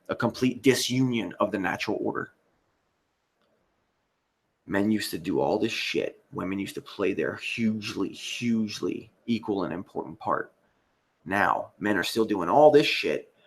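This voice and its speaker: Low gravelly man ranting on a livestream. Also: fairly bright tone. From United States. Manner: rambling, profane, reads chat comments. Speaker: livestream host. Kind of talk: casual livestream commentary.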